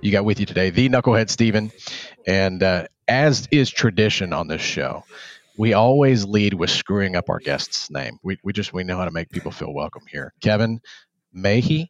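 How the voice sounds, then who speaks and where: A man's voice: low voice, normal speed, no echo, dull audio. A man with a Texan accent hosting a podcast, chatting casually and poking fun at himself, rambling with restarts. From Texas. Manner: self-deprecating, rambling with restarts. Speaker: podcast host. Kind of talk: casual interview chat.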